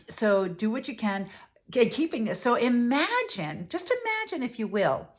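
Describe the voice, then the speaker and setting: A middle-aged woman giving relationship advice in an earnest, casual way, often restarting phrases as she talks. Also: medium pitch. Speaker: relationship coach.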